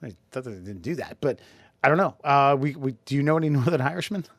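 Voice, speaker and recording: A man's voice: mid-range voice, lively intonation, fast talker, no room sound. A man co-hosting a podcast with dry, wry, profane asides in casual banter. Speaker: podcast co-host.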